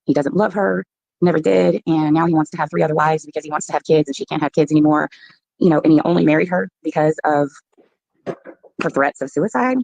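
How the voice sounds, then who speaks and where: A woman's voice: deep voice, steady tone, a little fast, gravelly, a little mellow, no room sound, poor audio. A woman talking at length as an interview guest, rambling with many fillers.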